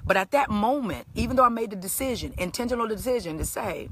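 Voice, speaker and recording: Middle-aged woman motivational speaker, bright and forceful, lively preacherly storyteller. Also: medium pitch, fairly quick, few pauses. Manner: animated, conversational, preacherly. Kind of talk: storytelling live stream talk.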